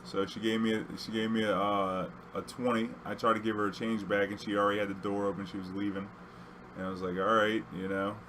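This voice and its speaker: A man's voice: fairly low pitch, level tone, brisk, noisy background. A young man, a taxi driver telling a story in a loose, rambling way full of fillers. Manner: rambling, loose delivery full of "you know". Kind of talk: casual storytelling.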